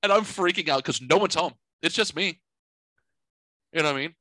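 Bright-voiced profane storyteller man. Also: on the high side, fairly quick, no echo, studio quality. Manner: profane, rambling, animated storyteller. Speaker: podcast host. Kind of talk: casual storytelling chat. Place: home studio.

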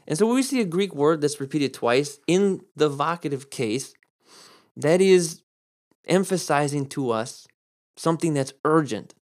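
A man preaching a sermon and explaining Greek words, who repeats key words for stress and switches between slow, drawn-out emphasis and quick asides. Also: fairly high pitch, expressive. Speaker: pastor. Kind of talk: sermon with Greek word study.

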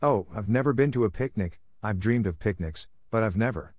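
A man voicing an excitable, chatty orphan girl who gushes eagerly and breathlessly. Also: lowish voice, fairly quick, dry recording, studio quality, lightly acted. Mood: gushing.

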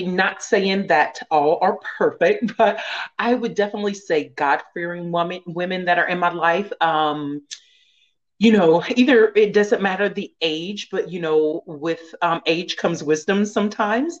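A woman's voice: on the low side, dull audio. A woman guest in a casual conversation, speaking earnestly about faith and often laughing.

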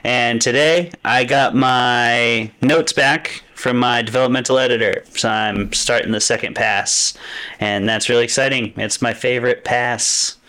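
A man's voice: mid-range voice, fairly even intonation, measured pace, bright, forceful tone, smooth. A man co-hosting a podcast, talking casually and eagerly about his work. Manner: enthusiastic, explanatory, laughs easily. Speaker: podcast co-host. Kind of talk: casual chat.

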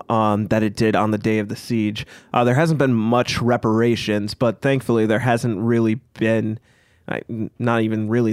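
A man's voice: fairly low pitch, clean tone, no room sound, studio quality. A man narrating a tabletop game as game master, describing scenes at length with frequent hesitant fillers.

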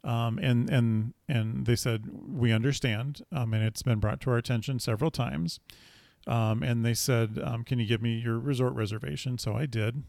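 A man's voice: mid-range voice, fairly even intonation, moderate pace, vocal fry, darkish tone, dry recording. A man telling a personal story in a casual, rambling way, with many fillers and restarts.

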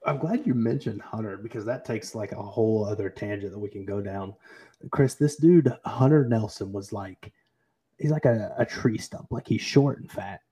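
A man's voice: lowish voice, normal speed, warm tone, breathy edge. A young man co-hosting a podcast, chatting casually and telling loose stories. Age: young adult. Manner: loose, laid-back storytelling. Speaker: podcast co-host. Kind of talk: casual interview chat.

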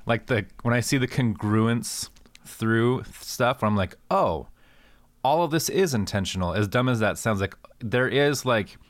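A man's voice: mid-range voice, lively intonation, measured pace, no echo. A man talking through scripture in casual conversation, thinking aloud and searching for words. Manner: thoughtful, searching, many fillers like "like". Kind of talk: conversational Bible discussion.

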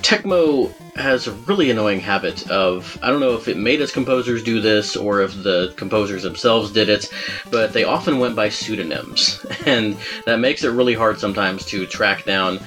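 Male podcast host, lowish voice, rambling and chuckly, faint music underneath. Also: normal speed, fairly bright tone. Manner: rambling, chuckling, self-deprecating. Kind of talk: casual podcast chat about game music.

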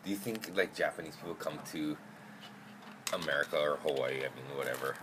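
A man's voice: rumbling low, fairly quick, background noise. A man hosting a podcast, chatting casually and joking, swearing now and then, recorded in a car. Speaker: podcast host. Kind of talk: casual chat.

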